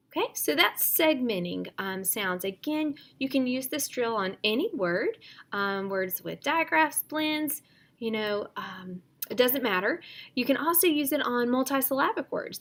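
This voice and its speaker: A woman teacher explaining phonics drills in a measured, instructional way, with frequent fillers. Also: fairly high pitch. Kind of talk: instructional lesson, modeling drills.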